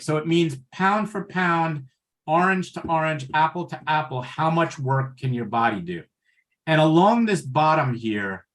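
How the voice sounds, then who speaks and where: A man giving a passionate, conversational webinar talk on pulmonary wellness over a video call, often checking in with "right?". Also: mid-range voice.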